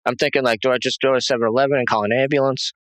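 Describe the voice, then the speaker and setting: A man's voice: medium pitch, steady tone, fairly bright tone, no room sound, low-quality recording. Guy rambling thru his story, lots of likes and ums, dry close sound. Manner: halting, many fillers and restarts. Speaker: interview guest. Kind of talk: rambling personal testimony.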